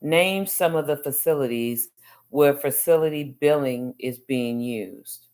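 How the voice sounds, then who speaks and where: Very low-voiced woman teacher. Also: darkish tone. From United States. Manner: repeats answers slowly, many mm-hmms. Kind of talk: class review of chapter questions.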